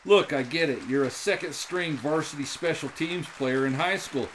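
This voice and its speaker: A man voicing a gruff, short-tempered game show contestant with an accent, grumbling low and breaking into angry rants. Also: moderate pace, fairly bright tone, a little hiss or hum, natural voice.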